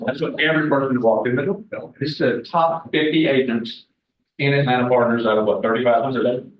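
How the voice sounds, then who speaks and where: A man's voice: mid-range voice, fast talker, far from the mic. A man in his forties, telling candid stories and joking with a team in a meeting room. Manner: folksy, candid, joking with the audience. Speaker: guest speaker at a real estate team meeting. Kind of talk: casual storytelling talk to a room. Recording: echoey room recorded from afar, dull sound.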